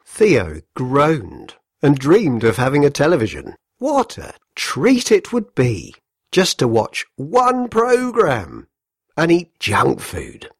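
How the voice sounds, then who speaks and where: Expressive, slow-reading man storyteller. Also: slightly rough, no echo, studio quality. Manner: gently amused, very expressive pitch.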